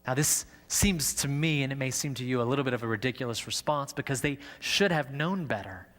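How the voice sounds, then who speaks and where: A man's voice: medium pitch, a little fast, a bit bright. A male pastor preaching a sermon in an earnest way, often stumbling and repeating words as he explains. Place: church sanctuary. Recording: long church-hall reverb.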